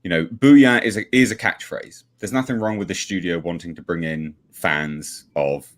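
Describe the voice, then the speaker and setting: A man's voice: low voice, steady tone, moderate pace, a bit bright. A man giving blunt, sweary, sarcastic livestream commentary as a regular panelist.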